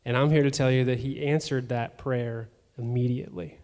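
Guy telling his story in church, halting and emotional, lots of uhs, voice ringing around a big hall. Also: mid-range voice, fairly even intonation, darkish tone. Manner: emotional, halting, with fillers and repeats. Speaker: church member sharing testimony. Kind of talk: personal testimony in a church service. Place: church sanctuary. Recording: long hall reverb.

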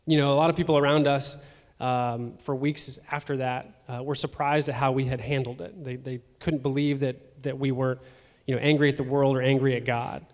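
A man sharing a personal testimony at a church service, speaking in a halting, emotional way with fillers and repeated words. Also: mid-range voice, fairly even intonation. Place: church sanctuary. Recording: long hall reverb.

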